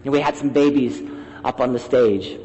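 A man preaching a sermon as pastor in a church, talking in an animated way and acting out the voices he quotes. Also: medium pitch, normal speed, muffled recording. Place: church sanctuary. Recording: long hall reverb.

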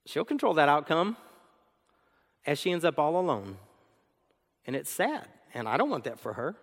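A man preaching a sermon as co-pastor, animated, acting out arguments and laughing often. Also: a little high, a little slow, vocal fry, long pauses, in a large hall.

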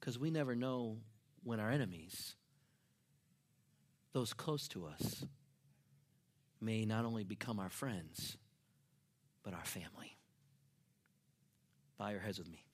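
Storytelling male pastor, loud then hushed. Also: on the low side, a little slow, long pauses. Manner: storytelling, swinging from loud to near-whispered. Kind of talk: sermon. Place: church.

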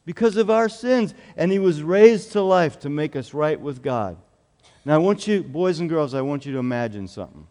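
A man's voice: a little high, expressive, normal speed, darkish tone, big-room sound. A male pastor giving a children's sermon in a church, explaining things simply and earnestly and asking the children questions.

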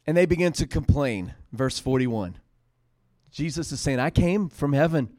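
A man's voice: on the high side, animated, moderate pace, darkish tone, no echo. A man preaching a sermon, retelling scripture in casual paraphrase and building to emphatic peaks.

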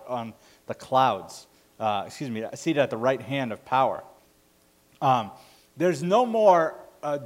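Male pastor, mid-pitch, casual conversational sermon delivery with fillers. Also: lively intonation, a little slow. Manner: conversational, self-correcting with fillers.

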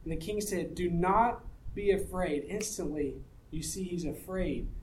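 This high-voiced male pastor speaks a little slowly, with a slightly mellow tone, on a rough recording with faint background noise. His sermon reads scripture, unpacks it in a conversational style and poses rhetorical questions to listeners.

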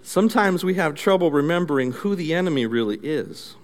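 A man's voice: a little high, lively intonation, brisk. A male pastor preaching a sermon in a conversational, storytelling way. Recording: echoey hall reverb.

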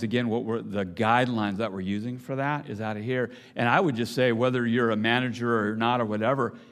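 An older man giving a conversational, earnest sermon, with frequent restarts and asides. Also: medium pitch. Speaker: preacher. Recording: long hall reverb.

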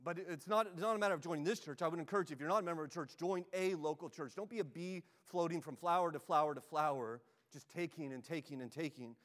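A man's voice: on the high side, fast talker, few pauses, fairly bright tone, big-room sound. A man preaching a sermon as a pastor, conversational and repetitive, often checking in with "right?". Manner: conversational, frequent "right?" check-ins, repeats words. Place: church sanctuary.

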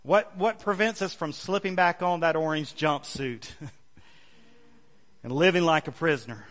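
A male pastor preaching a sermon, leading the congregation in call-and-response with emphatic, drawn-out phrases. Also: on the high side, a bit bright. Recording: long hall reverb.

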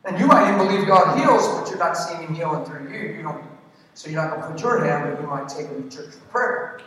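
Fairly high in pitch with lively intonation and a slightly bright tone, the preacher talks fairly quickly and emphatically. He quizzes the congregation and drops in joking asides, while the distant recording echoes through the large church hall.

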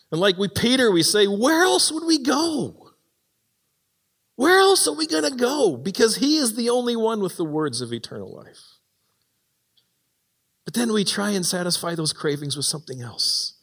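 A man preaching a sermon in a church, animated and acting out the voices he quotes. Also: high voice. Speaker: pastor. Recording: long hall reverb.

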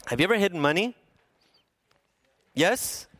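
A man in his thirties preaches a casual, humorous sermon and chats with his congregation. His voice sits a bit high. The recording is dry and close, with no room echo. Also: expressive, a little slow, fairly bright tone. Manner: humorous, conversational, asks the audience questions. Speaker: pastor.

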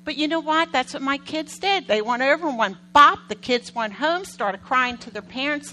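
Telling lively stories and voicing quotes, this middle-aged pastor preaches in a conversational manner and asks her congregation questions. She sounds a little high, speaks at normal speed with few pauses, and the recording is rough.

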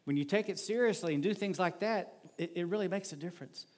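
A male pastor preaching a sermon in a conversational, animated way, acting out everyday scenes. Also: sits high, fast.

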